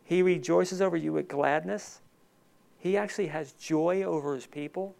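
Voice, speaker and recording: Emotional high-pitched gravelly preacher man. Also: normal speed. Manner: emotional, swings between loud emphatic and soft hushed. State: tearful. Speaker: pastor. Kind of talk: sermon.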